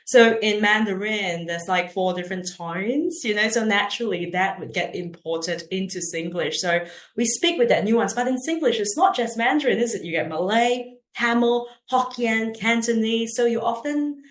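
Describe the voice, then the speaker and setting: Woman, from Singapore, playwright guest, animated chat, laughing, mid-pitched, echoey room. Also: moderate pace. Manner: animated, laughs often, fillers. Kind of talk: casual interview chat. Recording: roomy echo.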